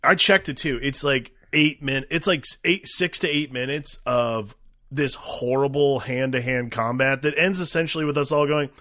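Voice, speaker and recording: A man's voice: medium pitch, normal speed, sharp tone. A man co-hosting a casual movie podcast, talking in an incredulous, rambling way full of fillers. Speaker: podcast co-host. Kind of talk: casual movie review chat.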